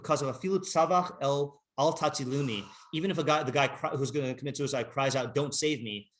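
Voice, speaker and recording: Reading Hebrew passages aloud and translating them, a man teaches an informal text class at a medium pitch. He speaks in a halting, rambling way, leaning on many fillers.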